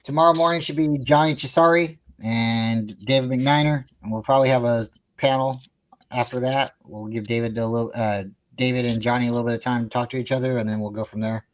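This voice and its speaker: A man's voice: mid-range voice, brisk. A man hosting a casual live stream, chatting easily and then running through the upcoming schedule. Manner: relaxed, wraps up with schedule announcements.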